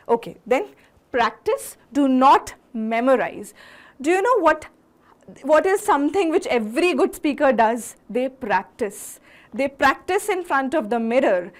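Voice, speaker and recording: A woman with a high, bright voice teaches a lesson on speaking skills. She sounds earnest and instructive and puts rhetorical questions to her listeners. She slows down and speeds up to stress her points. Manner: earnest, instructive, varies pace and loudness for emphasis. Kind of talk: classroom-style lesson on public speaking.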